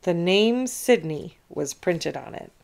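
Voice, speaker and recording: A woman reading a children's chapter book aloud in an expressive, animated way. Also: on the low side, slow, gravelly. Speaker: storybook reader. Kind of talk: children's read-aloud narration.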